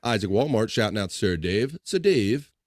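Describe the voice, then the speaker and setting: A man's voice: on the low side, big pitch swings, moderate pace, no room sound, studio quality. A man hosting a casual live stream, reading viewer comments aloud in a laid-back way and laughing often.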